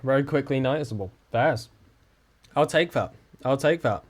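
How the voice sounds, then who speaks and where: A young man from the south of England with a southern English accent, chatting casually with his live-stream viewers and joking around. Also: normal speed. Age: young adult. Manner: chatty and joking, with lively swings in pitch.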